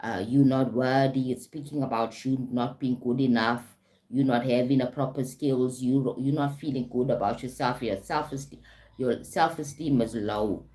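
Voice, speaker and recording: A woman's voice: very deep voice, steady tone, normal speed, warm tone. A woman with a South African accent, a life coach talking on a live stream, often adding "right?" and "okay?" and greeting viewers.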